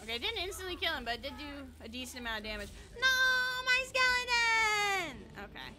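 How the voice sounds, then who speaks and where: Lively high-voiced streamer woman. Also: very fast. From United States. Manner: animated, giggly and blunt, swears freely. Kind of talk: casual gaming livestream chat.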